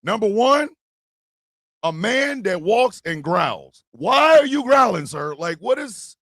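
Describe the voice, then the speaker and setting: A man hosting a live stream show, telling animated, profane jokes in a casual rant. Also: high voice, takes it slowly, no echo. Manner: animated, joking, profane storytelling. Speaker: host.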